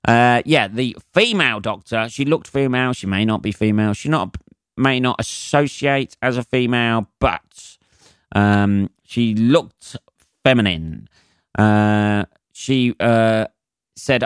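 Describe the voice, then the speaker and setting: A man's voice: medium pitch, slow, clear, resonant tone, no echo, clean studio sound. A man in his forties from England hosting a solo comedy podcast, rambling and swearing, with lots of fillers and chuckles at his own jokes.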